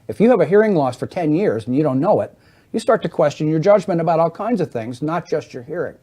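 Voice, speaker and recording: A man's voice: on the high side, expressive, fast talker, dark tone. A middle-aged man who is a guest on an interview show, explaining at length in an earnest, persuasive way. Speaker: hearing aid business guest.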